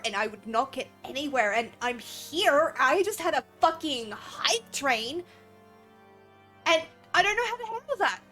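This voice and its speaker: Excitable young woman, casual stream chat, high voice, faint game music. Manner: excitable, swearing, laughing.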